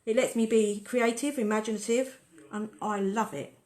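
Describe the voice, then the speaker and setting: A woman with a slightly high voice hosts a relaxed nail-art tutorial. She chats and rambles while she works and explains each step in an easygoing way. Her talk is friendly and unscripted. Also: moderate pace. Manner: chatty, rambling, talks while working. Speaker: nail artist hosting a tutorial.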